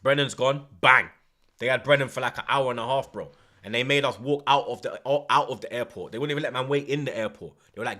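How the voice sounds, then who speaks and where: Bright, slangy streamer. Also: male voice, mid-range voice, quick pace. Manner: animated, swears often, heavy slang. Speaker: livestream host. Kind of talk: casual storytelling chat.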